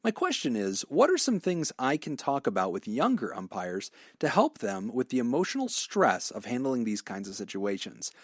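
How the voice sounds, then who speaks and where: A man's voice: medium pitch, wildly swooping pitch, moderate pace, few pauses, breathy edge, no echo, studio quality. A man in his thirties co-hosting a podcast in casual chat, joking and laughing often. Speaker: podcast co-host.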